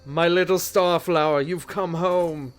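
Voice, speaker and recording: Man playing a hearty water genasi father, country drawl, loud, affectionate, tabletop game. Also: on the high side, fairly even intonation, unhurried, smooth, voice pushed up, lightly acted.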